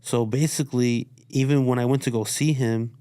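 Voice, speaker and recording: A man's voice: medium pitch, fairly even intonation, normal speed, dark tone, clear, resonant tone, dry recording, clean studio sound. A man from Chicago, a guest on a podcast, telling his story in a laid-back, profane way and quoting what others said. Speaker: guest artist. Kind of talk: casual interview talk. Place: studio.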